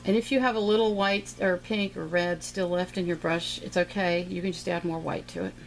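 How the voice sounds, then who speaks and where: A woman's voice: lowish voice, fairly even intonation, fairly quick, creaky, a little hiss or hum, rough recording. A middle-aged woman giving a casual, playful step-by-step painting lesson, chatting and making little sound effects as she paints. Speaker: painting teacher.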